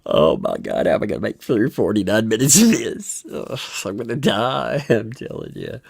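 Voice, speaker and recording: Low, husky woman reacting to a court clip on a livestream, her laughs burst out and her delivery swings widely in pitch. She speaks slowly into a close, dry microphone. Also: sing-song, a little mellow, no room sound. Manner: breaks into fits of laughter. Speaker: livestream commentator. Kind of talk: casual live reaction commentary.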